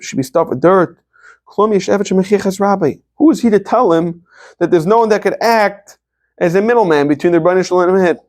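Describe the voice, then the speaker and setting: An American man giving a Talmud class, reading phrases slowly and then explaining them quickly, often restarting his words. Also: sits high, a little mellow. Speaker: Talmud teacher. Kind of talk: daf yomi Gemara class.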